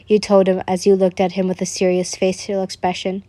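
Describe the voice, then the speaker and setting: A woman reading a fan story aloud as narrator, in a calm, even way. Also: mid-range voice, a little fast, few pauses, no room sound.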